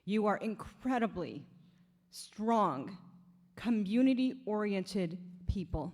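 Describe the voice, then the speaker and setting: A woman's voice: mid-range voice, expressive, slow, darkish tone. A woman who founded and leads an advocacy group gives a brief, heartfelt speech at a teach-in, audibly emotional. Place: event hall. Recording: reverberant hall with a faint crowd.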